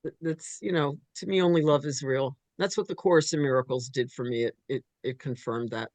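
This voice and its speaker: A woman talking in a rambling, animated way in a casual spiritual discussion. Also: extremely low pitch, fairly quick, no echo.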